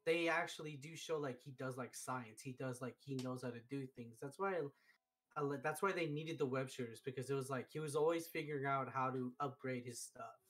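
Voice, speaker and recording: A man hosting a live stream, chatting casually and telling stories excitedly, with lots of fillers. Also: mid-range voice, brisk, faint music behind. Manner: excitable, animated storytelling with many fillers. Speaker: streamer host. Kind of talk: casual chat.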